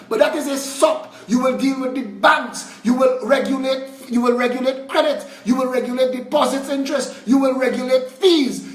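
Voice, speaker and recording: A Trinidadian man giving an impassioned political address on a live video, indignant and fiery, swinging between shouting and low muttering. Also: reverberant, distant mic. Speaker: political party leader.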